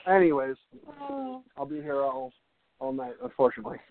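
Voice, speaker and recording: A man's voice: on the high side, brisk, crowd noise. Man hosting a joking radio show. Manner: jokey, rambling, with many fillers. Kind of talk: casual live radio talk. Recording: tinny phone-like line, dry.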